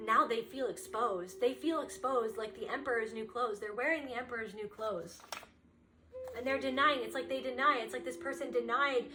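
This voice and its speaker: A woman with a slightly high voice gives a spiritual reading, speaking straight to the listener. She is impassioned and repeats her phrases as she goes. A steady hiss sits under the recording. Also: moderate pace. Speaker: spiritual reader. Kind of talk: intuitive card reading to camera.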